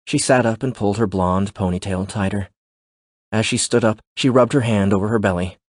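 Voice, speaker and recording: Brief: male narrator, low voice, steady scripted delivery, dry close sound. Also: brisk, no room sound. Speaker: audiobook narrator.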